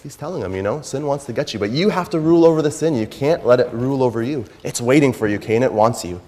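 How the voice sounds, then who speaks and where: A man giving a Bible lesson to children at a church, speaking conversationally, asking them questions and reading verses slowly. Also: medium pitch, a little mellow, long reverb tail.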